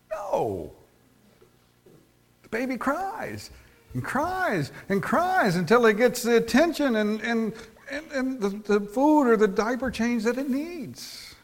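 Man preaching a slow, storytelling sermon. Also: high-pitched. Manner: tells stories, often repeats words, slows for emphasis. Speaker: pastor.

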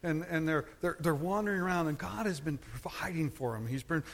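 Pastor guy preaching, kinda high voice, gets loud and emphatic, long echo like a big church. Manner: emphatic preaching, swings from low and measured to high and forceful. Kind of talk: sermon. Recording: long hall reverb.

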